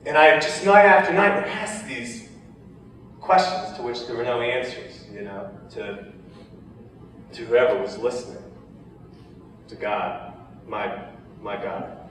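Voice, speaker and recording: Man storyteller, halting and emotional, mid pitch, recorded from afar in a reverberant hall. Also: a bit bright, a little hiss or hum. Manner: halting, emotional, many restarts. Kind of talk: personal storytelling. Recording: echoey hall, heard from far off.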